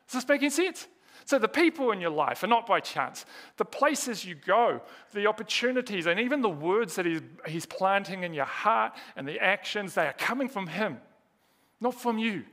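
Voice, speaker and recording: Gravelly, bright-voiced male preacher. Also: high-pitched, expressive, moderate pace. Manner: earnest, rhetorical questions, emphatic repetition. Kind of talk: sermon.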